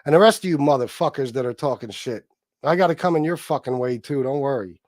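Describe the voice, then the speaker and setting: A man hosting a live stream, reading the chat aloud and giving shout-outs, swearing heavily in a combative, angry way. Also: mid-range voice, fast talker, no echo, clean studio sound. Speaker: livestream host reading chat.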